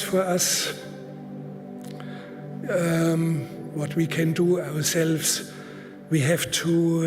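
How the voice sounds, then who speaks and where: Man giving a conference talk, slow and emphatic, lots of pauses, long hall echo. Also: on the high side. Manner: deliberate and emphatic, many halting pauses. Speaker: conference speaker. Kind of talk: public lecture. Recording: reverberant hall.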